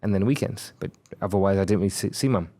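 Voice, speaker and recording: A man in his thirties speaks as a podcast guest, telling a personal story with candid reflection. His voice sits fairly low. He slips into the dialogue he quotes, acting out the other people's lines. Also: fast, creaky, dark tone.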